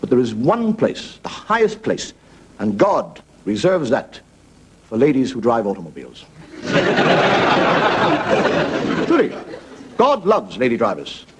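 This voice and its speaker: A man's voice: mid-range voice, huge pitch swings, normal speed, background noise. A man telling jokes in a wry, conversational stand-up monologue. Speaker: stand-up comedian.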